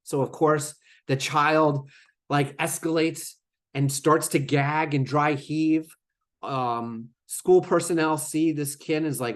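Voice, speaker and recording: A man's voice: fairly high pitch, fairly even intonation, slow. A man presenting a webinar lecture in a conversational way, with fillers and asides to the audience. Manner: conversational, with fillers and acted-out quotes. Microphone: remote webinar microphone.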